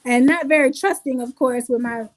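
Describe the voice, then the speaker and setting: A young adult woman telling her life story in an interview, lively and acting out the people she quotes. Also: sits high, normal speed. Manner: animated, acts out quotes with laughs. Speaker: guest. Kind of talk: conversational storytelling.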